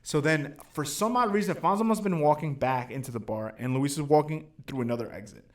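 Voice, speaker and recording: Man, New York accent, animated storyteller, slightly high voice, casual podcast chat. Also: a little fast. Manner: animated, acts out quoted voices, contradicts and corrects. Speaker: podcast host.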